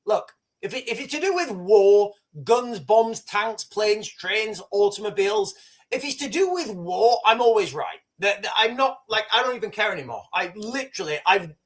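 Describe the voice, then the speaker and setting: A man hosting a live news commentary stream, rambling and excitable with many restarts, boastful and opinionated. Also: high voice. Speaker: livestream host.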